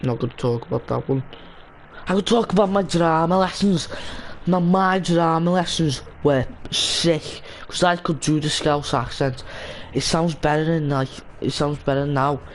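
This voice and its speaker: A young man chats idly while streaming a game, drifting between half-finished thoughts and restarting his sentences. His voice sits a little high for a man. A faint hiss runs under the desk-mic sound. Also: moderate pace, low-quality recording. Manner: rambling, many restarts and fillers. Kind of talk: casual gaming stream chat.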